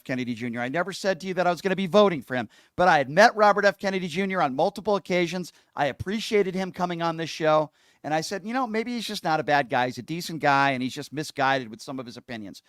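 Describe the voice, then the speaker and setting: A man's voice: a little high, fast, a bit bright, no room sound, clean studio sound. A man hosting a talk radio call-in show, talking in a heated, outspoken way and leaning hard on his words. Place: radio studio.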